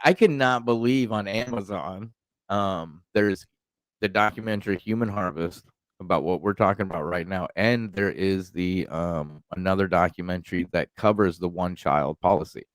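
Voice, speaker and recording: A man hosting a podcast, chiming in with quick agreement and talking through hesitant fillers. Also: sits low, dry recording. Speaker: podcast host. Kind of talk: casual podcast chat.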